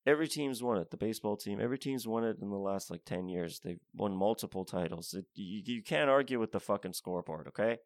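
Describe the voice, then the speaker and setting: A man's voice: lowish voice, fast, hardly any pauses, no room sound, clean studio sound. A man ranting in a profane comedy monologue, rambling and often restarting his sentences.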